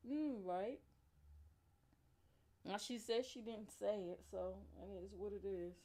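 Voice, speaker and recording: A woman's voice: medium pitch, unhurried, dark tone. A woman live streaming, chatting casually and rambling straight to her viewers.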